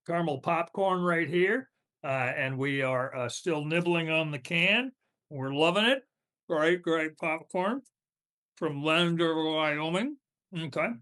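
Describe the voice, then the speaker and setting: A man's voice: on the high side, pushed and bright. A man co-hosting a podcast in casual chat, laughing often and talking with his mouth full. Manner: chatty, laughs often, eats while talking. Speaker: podcast co-host.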